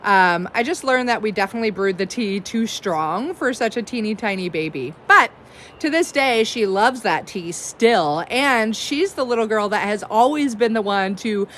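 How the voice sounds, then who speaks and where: A woman's voice: medium pitch, expressive, normal speed, a bit bright, slight background noise. A woman in her thirties, hosting as an herbalist, chatting casually and effusively, with many "like"s and "um"s. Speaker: herbalist host. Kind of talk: casual livestream chat.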